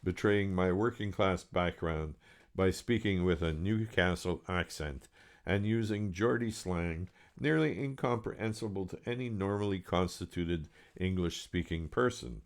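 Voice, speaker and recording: A man's voice: low-pitched, a little slow. A man reading aloud from his own novel with a dry, wry delivery. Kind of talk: serialized book reading.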